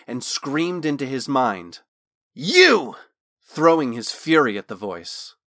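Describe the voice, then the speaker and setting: A man narrates a fantasy story in a steady, measured way. His voice sits at a middle pitch. The recording is dry and close with no room sound. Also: no room sound. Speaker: audiobook narrator. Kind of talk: scripted narration.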